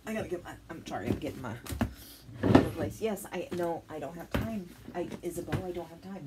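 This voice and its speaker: A woman's voice: fairly low pitch, a little fast, very noisy. A woman, telling a rambling, self-deprecating story as she crafts at home for her vlog. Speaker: crafting channel host. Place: home, with dogs nearby.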